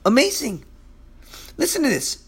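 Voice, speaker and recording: Male preacher, high and animated voice, impassioned, drops to a hush for emphasis. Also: normal speed, slightly rough. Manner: impassioned and emphatic, swinging from loud to hushed; repeats phrases for emphasis. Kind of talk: sermon.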